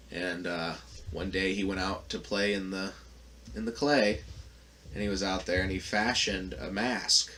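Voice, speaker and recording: Low-voiced man telling a rambling story. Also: sharp tone, slight background noise. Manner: profane, rambling storyteller with frequent fillers. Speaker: podcast host. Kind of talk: casual storytelling.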